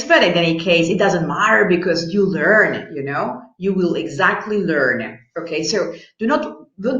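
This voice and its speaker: A woman teaching an English grammar lesson, slow and encouraging, who repeats example sentences, with slightly non-native phrasing. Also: mid-range voice, fairly bright tone. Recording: echoey room, dull lo-fi sound.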